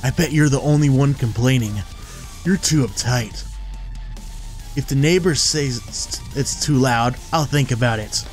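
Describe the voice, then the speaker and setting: A man voicing a rude young neighbor who plays loud music, in a low, dismissive voice. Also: a little slow, lightly acted.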